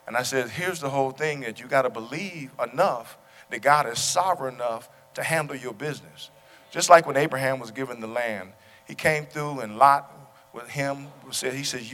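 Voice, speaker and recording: Male pastor, bright voice, sermon delivery that swells into loud calls, long church-hall reverb. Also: medium pitch, vocal fry. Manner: preaching, builds to loud exclamations. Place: church sanctuary.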